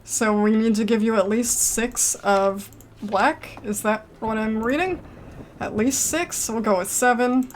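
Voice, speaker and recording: Woman, higher voice, casual gameplay commentary, self-mocking, exasperated outbursts. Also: unhurried, slight background noise. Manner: chatty, self-mocking, reads game text aloud and reacts with exasperated outbursts. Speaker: let's play gamer.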